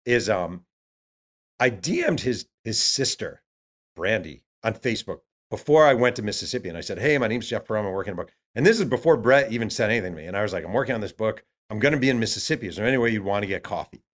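Man, author guest, low-ish voice, animated storytelling, acts out quotes. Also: quick pace. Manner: acts out quotes of others, many fillers.

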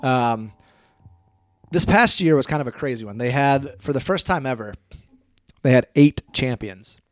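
Casual podcast host, man, mid-pitched, laid-back, dry close mic. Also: animated, dry recording. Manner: laid-back, reads clues haltingly with fillers and laughs. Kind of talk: casual chat, quizzing a co-host.

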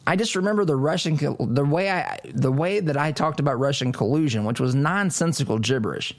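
A man's voice: a little high, animated, a little fast, gravelly, hardly any pauses. A man hosting a political talk radio show, delivering an emphatic monologue with mocking asides. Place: studio.

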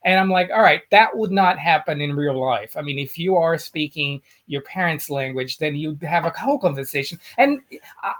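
A man's voice: a little high, lively intonation, normal speed, fairly bright tone. A man co-hosting a casual film chat, speaking emphatically and often repeating words while he searches for them. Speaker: podcast co-host.

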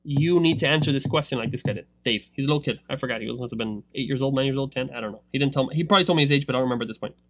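A man giving a rambling motivational talk about online selling, swinging between loud pushes and low asides. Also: racing, few pauses, dry recording, clean studio sound. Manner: rambling, filler-heavy. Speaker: online seller coaching others.

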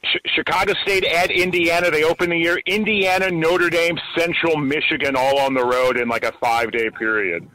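Smooth radio announcer guy, upbeat, bright punchy voice, dry sound. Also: fairly high pitch, fairly quick, hardly any pauses, no room sound, rough recording. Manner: upbeat, polished broadcaster delivery. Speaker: college basketball radio announcer, guest. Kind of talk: casual call-in chat.

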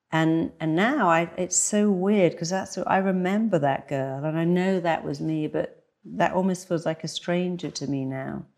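A woman's voice: low-pitched, creaky, a little mellow. A woman therapist speaking as an interview guest, emphatic and acting out the voices she quotes. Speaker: hypnotherapist guest. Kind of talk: conversational interview.

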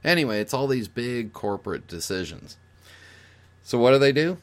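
A man's voice: medium pitch, big pitch swings, moderate pace. A man speaking as a guest on a podcast, giving his opinion in a casual, explanatory way and thinking aloud with fillers and restarts.

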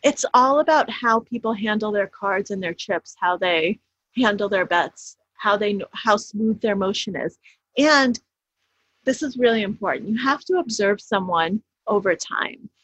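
A woman's voice: medium pitch, animated, unhurried, a bit bright, dry recording. A woman, an author being interviewed, explaining her points emphatically, often restarting her phrases as she goes. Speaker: author guest. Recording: dull, slightly lo-fi sound.

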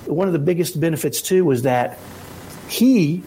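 A man giving parenting advice in an energetic motivational talk, often checking in with "right?". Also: a little high, moderate pace, slight background noise, poor audio. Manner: energetic, keeps asking "right?".

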